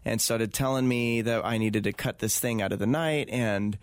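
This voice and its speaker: A man's voice: fairly low pitch, steady tone, moderate pace, no room sound, studio quality. A man speaking as an interview guest, talking earnestly and reflectively with many fillers and restarts. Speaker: guest, touring event host. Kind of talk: casual interview conversation.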